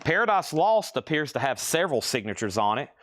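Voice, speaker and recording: A man's voice: fairly high pitch, big pitch swings, a little fast, fairly bright tone. A man hosting a live-stream record sale, rattling off album titles and prices and calling bids going once, going twice. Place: record shop.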